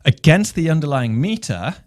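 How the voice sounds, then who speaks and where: A man, a composer and music teacher from England, giving a measured explanation of rhythm and counting beats aloud. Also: fairly high pitch, big pitch swings, no echo, clean studio sound. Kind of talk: instructional explanation.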